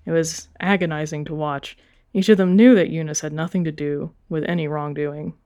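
A woman's voice: deep voice, steady tone, normal speed, dark tone. Playful, swearing woman story reader. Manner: playful, swearing, laughing asides. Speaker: podcast host reading a story. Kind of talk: reading a fan story aloud with banter.

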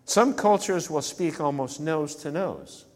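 A man's voice: fairly high pitch, animated, measured pace. Man preaching in a reverberant church. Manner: conversational, asks the congregation rhetorical questions. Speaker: pastor. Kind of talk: sermon. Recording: church sanctuary with long reverb.

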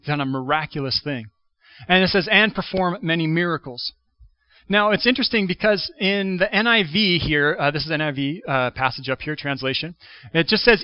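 A man preaching a Sunday sermon in a conversational way, thinking aloud with restarts and quick asides. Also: a little high, no room sound, dull audio. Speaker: pastor. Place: church sanctuary.

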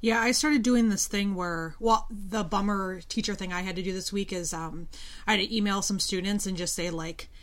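A woman's voice: medium pitch, fairly even intonation, moderate pace. Candid woman telling teaching stories. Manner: candid storyteller, lots of fillers and quoted dialogue. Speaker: podcast co-host, community college teacher. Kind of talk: casual chat.

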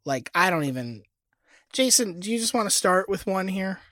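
A woman's voice: medium pitch, expressive, normal speed, fairly bright tone, no echo, studio quality. A woman co-hosting a comedy podcast, telling rambling, self-deprecating stories. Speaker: podcast co-host.

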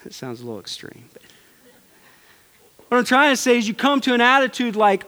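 A man preaching a sermon with passion, swinging from loud urging to hushed pleading. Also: high-pitched, sing-song, brisk. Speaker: pastor. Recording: long hall reverb.

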